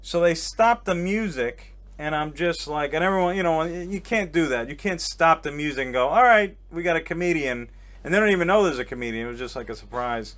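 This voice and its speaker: A man who works as a comedian tells a story in an animated, rambling way and laughs at himself. His voice sits a little high for a man. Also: a little fast. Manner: animated, rambling, self-mocking. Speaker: comedian guest. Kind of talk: casual storytelling. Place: on a boat in a harbor.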